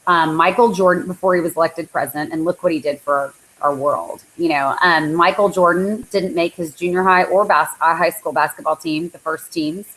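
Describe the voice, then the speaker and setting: A woman's voice: on the low side, fairly even intonation, normal speed, few pauses, a bit bright, rough recording. Chatty woman coaching on a live call. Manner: chatty, lots of likes and ums. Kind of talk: casual motivational talk. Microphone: live online call.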